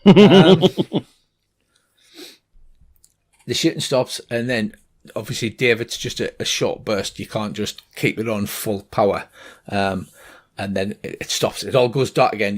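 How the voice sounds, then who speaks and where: A middle-aged man runs a tabletop game, describing the scene in a mid-range voice. He pauses often, filling gaps with ums and uhs. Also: mid-range voice. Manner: halting, full of ums and uhs. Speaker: game master.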